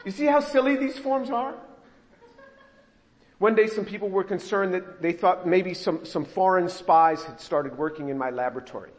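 A man's voice: high voice, moderate pace, big-room sound. A man teaching the Bible verse by verse, explaining each point and repeating phrases for emphasis, with wry asides.

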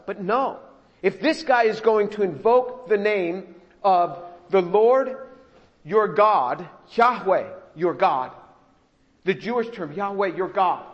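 High-voiced man teaching scripture in a reverberant hall. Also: lively intonation, unhurried. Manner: explanatory, repeats phrases for emphasis, wry asides. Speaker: Bible teacher. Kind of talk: verse-by-verse Bible teaching.

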